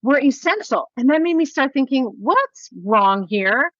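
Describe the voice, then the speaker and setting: A woman hosting a podcast interview, talking in an animated, rambling way with casual swearing. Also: high-pitched, measured pace, no echo. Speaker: podcast host. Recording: dull lo-fi audio.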